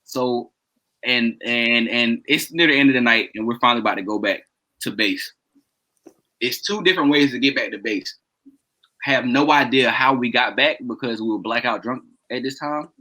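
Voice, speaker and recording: A man's voice: mid-range voice, normal speed, poor audio. A man casually telling a long story to his friends, laughing often and acting out what people said. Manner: animated, laughs often, acts out quoted dialogue. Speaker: podcast co-host telling a story.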